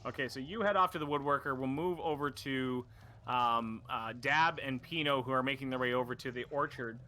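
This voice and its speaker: Casting: male game master, bright tone, meandering narration full of fillers. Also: medium pitch, fairly quick, a little hiss or hum. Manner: rambling, many fillers and restarts.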